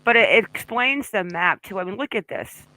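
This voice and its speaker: A woman's voice: medium pitch, animated, normal speed, bright, forceful tone, no room sound, low-quality recording. A woman hosting a casual live true-crime discussion, chatting and greeting viewers by name. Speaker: livestream host.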